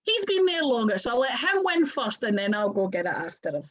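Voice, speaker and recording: Woman, Scottish accent, chatty, rambling, fairly high voice, muffled lo-fi sound. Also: sing-song, fairly quick, a bit bright. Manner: chatty, rambling with many "like" fillers. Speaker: guest wrestler. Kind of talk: casual interview chat. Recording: muffled lo-fi audio.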